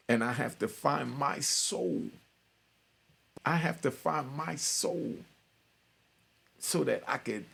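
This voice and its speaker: A man's voice: mid-range voice, vocal fry, husky. A middle-aged man casually telling a street story in his own talk, acting out both sides of phone calls. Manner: street-talking, retells conversations with quoted voices. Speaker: storyteller host.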